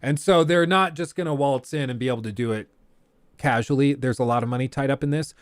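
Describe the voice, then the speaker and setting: A man's voice: mid-range voice, fast, smooth, no echo, clean studio sound. A man from the United States hosting a casual livestream chat in a conversational way, with frequent fillers and restarts. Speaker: streamer host.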